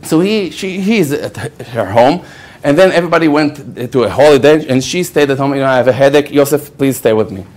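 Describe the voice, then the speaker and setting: Speaking briskly at a medium pitch, a rabbi whose first language is Hebrew delivers a storytelling Torah lecture to a live audience. He animates the narrative by acting out quoted characters and keeps asking "okay?".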